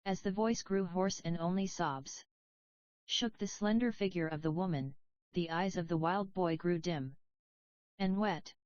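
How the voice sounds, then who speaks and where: A woman narrating a children's legend in a calm, measured storybook reading, recorded with a dull lo-fi sound. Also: on the low side, no room sound. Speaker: audiobook narrator.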